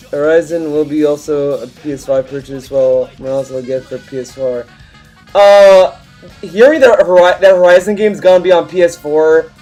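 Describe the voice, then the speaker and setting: A man in his twenties, a livestream host telling a story in casual, rambling chat, full of restarts and animated turns. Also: on the high side.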